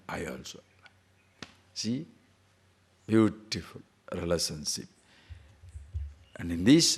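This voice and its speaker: Man, spiritual teacher, scripture lecture, lowish voice, rhetorical questions. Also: breathy edge. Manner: conversational, asks rhetorical questions, chants verses slowly.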